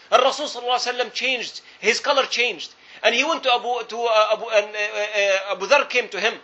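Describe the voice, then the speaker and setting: A man delivers a sermon in a strikingly high voice, telling his story earnestly and circling back on phrases to drive them home. His tone is bright and forceful. The recording sounds dull and lo-fi. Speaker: preacher.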